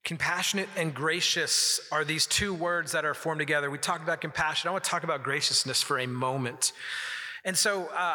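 Man, pastor, sermon, earnest and conversational, very bright tone, slightly high voice, church hall echo. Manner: earnest, conversational preaching with storytelling. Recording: long hall reverb.

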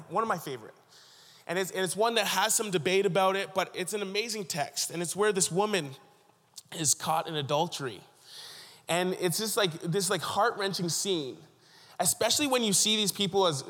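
A man's voice: high-pitched, fairly bright tone, in a large hall. A man from Ontario preaching a sermon as a pastor, telling stories earnestly with frequent restarts. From Canada (Ontario).

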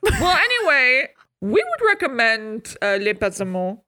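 Bright joking woman podcaster. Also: high-pitched, wildly swooping pitch, measured pace, dry recording. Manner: joking, rambling, playful. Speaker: podcast co-host. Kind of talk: casual chat.

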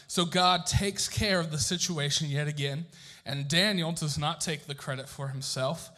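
A man's voice: a little high, steady tone, moderate pace, pushed and bright. A young man telling a Bible story to a group in a casual, joking sermon style, asking the room questions.

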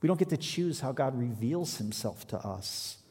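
A man's voice: medium pitch, expressive, moderate pace, a little mellow. Male pastor, mid-range voice, preaches and reads scripture with rising emphasis, captured in a reverberant hall. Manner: reads scripture aloud, then explains with emphatic rises. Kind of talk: sermon.

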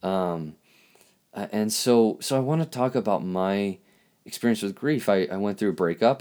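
A man hosting a podcast, speaking in a halting, reflective monologue with lots of restarts, and openly emotional. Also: sits low, lively intonation, darkish tone. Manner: halting, searching for words, emotional. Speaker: podcast host.

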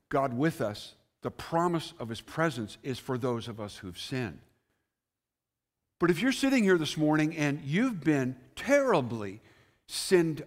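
A man preaching a sermon as pastor, earnest, rising on key words and then dropping softly. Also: mid-range voice. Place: church sanctuary.

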